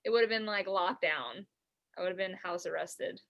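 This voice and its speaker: A woman's voice: lowish voice, moderate pace, a bit bright. A woman from the New York area co-hosting a comedy podcast, rambling casually with constant "like"s and swearing over a remote call. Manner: rambling, lots of filler "like", swearing. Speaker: podcast co-host. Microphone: remote call setup.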